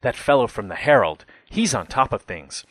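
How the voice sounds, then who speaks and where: A man's voice: mid-range voice, lively intonation, moderate pace, no room sound, lightly acted. A man voicing a confident, chatty male church leader with an offhand manner. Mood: casual.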